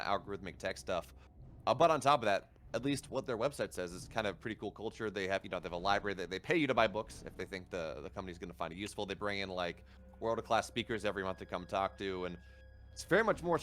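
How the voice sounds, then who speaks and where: A man's voice: on the low side, a bit bright, slight background noise. A man casting a live esports match, chatty and enthusiastic in long run-on stretches. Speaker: esports caster. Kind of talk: live game commentary.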